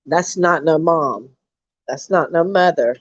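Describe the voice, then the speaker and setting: A woman ranting on her live stream, slow and deliberate, swearing freely and repeating herself as she talks to her viewers. Her voice is recorded dry and a little dull, like a cheap lo-fi mic. She calls her audience y'all. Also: low voice, no room sound. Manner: angry, profane, repeats herself, addresses chat as y'all.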